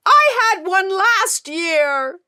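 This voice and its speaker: A grubby Viking girl who hates water, shrieking at the very top of her range. The voice is piercingly bright and swoops wildly as she yells in a storybook reading. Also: very high voice, big pitch swings, drawn-out words, no room sound, studio quality, voice pushed up, exaggerated voice. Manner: screaming, squealing. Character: filthy shrieking Viking girl hating baths.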